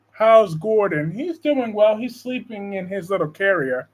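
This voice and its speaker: A man hosting a casual live stream from home, joking and reading viewer comments aloud. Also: sits high. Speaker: live-stream host discussing soap operas.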